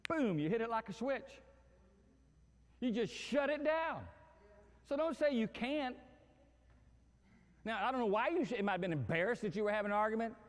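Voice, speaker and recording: A male pastor preaching a sermon in an animated, humorous way, acting out everyday scenes. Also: extremely high pitch, normal speed, pauses often, long reverb tail. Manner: animated, acts out quarrels and phone calls with humor.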